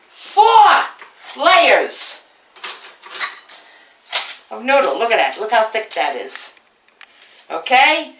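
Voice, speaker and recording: A fairly high, sharp-toned woman's voice carries a New York accent from Brooklyn. As a home cook host, she tells stories brashly and chattily during her cooking demonstration. The camera mic sits across the home kitchen, so the sound is distant and echoey.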